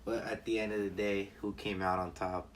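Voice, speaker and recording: A man with a lowish voice co-hosts a podcast in casual chat. He chips in with short, agreeable remarks. He sits a little away from the mic, and faint noise runs under him. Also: flat delivery, moderate pace, distant mic. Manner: agreeable, brief interjections. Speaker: podcast co-host.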